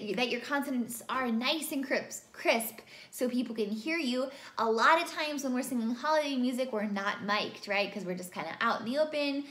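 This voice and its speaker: A woman teaching a singing lesson, explaining vowels clearly and demonstrating them by singing. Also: sits high, fairly bright tone. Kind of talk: vocal lesson with sung examples. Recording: roomy sound with faint music behind.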